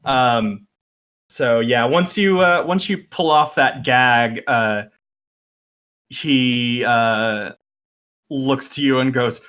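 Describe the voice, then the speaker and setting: A man's voice: mid-range voice, drawn-out words, pauses often, fairly bright tone, smooth. A man narrating as game master of a tabletop game, hesitant with frequent fillers. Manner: hesitant, lots of uh and um, chuckling.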